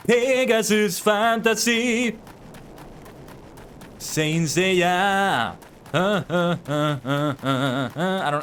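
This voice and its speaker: This young streamer has a fairly high, slightly bright voice, with slight background noise alongside the game music. He plays an online game live, commenting on it and chatting casually with viewers.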